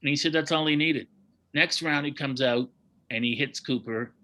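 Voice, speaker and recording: Guy who knows his boxing history, telling stories all lively, bright sharp voice. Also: on the high side, normal speed, rough recording. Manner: animated anecdotes with acted-out quotes. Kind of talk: casual storytelling chat.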